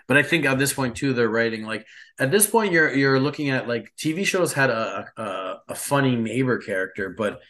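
A man's voice: medium pitch, expressive, normal speed, fairly bright tone. A man co-hosting a podcast in casual chat, giving blunt, profane opinions and animatedly retelling scenes. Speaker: podcast co-host.

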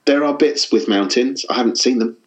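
A man's voice: medium pitch, brisk, rough recording. A man from the south of England with a southern English accent, chatting casually as a podcast guest, rambling and self-deprecating with frequent laughs. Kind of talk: casual chat.

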